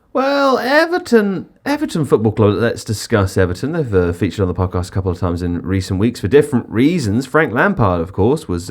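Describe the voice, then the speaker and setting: A man hosting a casual football podcast with a playful, mock-dramatic delivery. His voice sits low but swoops around a lot. He keeps the chat moving with teasing asides. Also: a little mellow. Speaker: podcast host.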